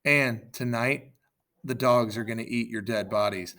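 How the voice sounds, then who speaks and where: A man doing Achilles, a boastful loud warrior. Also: fairly low pitch, measured pace, clear, resonant tone. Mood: taunting. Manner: loud mocking taunts and shouts. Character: boastful invincible male warrior, taunting.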